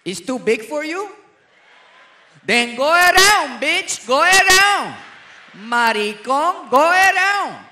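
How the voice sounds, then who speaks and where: A comedian voicing a brash, confident Latin woman in a stand-up bit, with a loud, sassy delivery. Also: high voice, huge pitch swings, fairly quick, hardly any pauses. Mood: sassy taunting.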